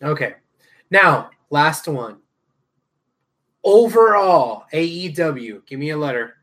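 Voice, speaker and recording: A man's voice: a little high, expressive, takes it slowly, a bit bright. A man co-hosting a casual wrestling podcast, telling a long rambling story with lots of fillers and swearing. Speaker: podcast co-host.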